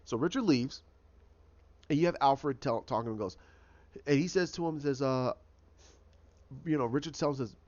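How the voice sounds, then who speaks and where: A man's voice: medium pitch, moderate pace, pauses often, a little mellow, lo-fi sound. A man giving a casual, rambling recap of a TV episode, often repeating himself and restarting his sentences. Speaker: show recap host.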